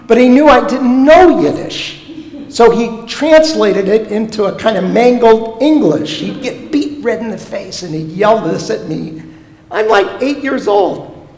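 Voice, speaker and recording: Man, comic storyteller, high voice, echoey sanctuary with long reverb. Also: measured pace. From Omaha, United States. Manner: animated, comic storytelling with punchlines. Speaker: guest speaker, professor of Jewish education. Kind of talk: storytelling sermon talk. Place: synagogue sanctuary.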